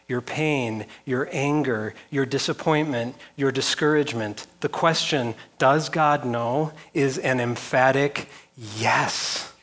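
A man delivers a sermon at a slow, deliberate pace, stacking phrase upon phrase in emphatic rhetorical lists. He presses his points with repeated questions, speaking as the congregation's pastor. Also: medium pitch, a bit bright.

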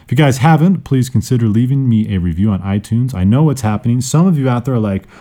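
A man's voice: medium pitch, animated, fast talker, few pauses, dark tone. A man hosting a casual vocabulary podcast, playful and self-mocking, joking between word explanations. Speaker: podcast host teaching vocabulary.

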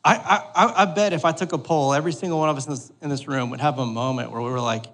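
A man's voice: on the high side, quick pace, hardly any pauses, fairly bright tone, poor audio. Joking man preaching a sermon. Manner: joking, conversational, keeps asking "all right?". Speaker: pastor. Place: church hall with a congregation.

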